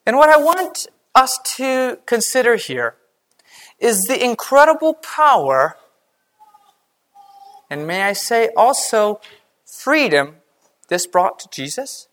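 A woman preaching a sermon, earnest and measured, slowing down and dropping quiet to stress a point. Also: on the high side, big pitch swings.

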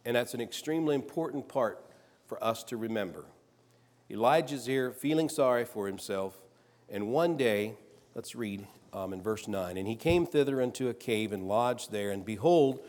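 A man preaching a sermon, reading scripture aloud and rising louder on the quoted lines. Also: medium pitch, lively intonation, moderate pace.

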